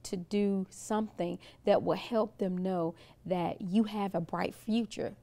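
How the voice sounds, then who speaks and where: Woman host, emphatic and encouraging, fry in the voice, mid pitch. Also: steady tone, measured pace, dark tone. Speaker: talk show host. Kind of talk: casual interview talk.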